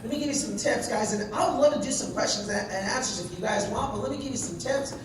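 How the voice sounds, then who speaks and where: A man giving an energetic motivational talk to a sales team, telling stories and checking in with his audience as he goes. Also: very high voice, quick pace. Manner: animated, keeps checking in with the audience. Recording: very echoey room, voice from far off, noisy.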